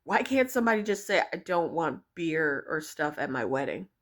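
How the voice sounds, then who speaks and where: A woman's voice: sits low, big pitch swings, moderate pace. A young woman vlogging her opinions, blunt and exasperated, swearing freely as she rants to her viewers. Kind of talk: opinion rant to camera.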